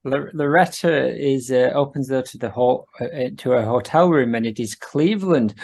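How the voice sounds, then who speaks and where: A man's voice: mid-range voice, moderate pace, vocal fry, few pauses, a little mellow. A man co-hosting a podcast in casual chat, playfully reading out scenes from a cartoon. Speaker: podcast co-host.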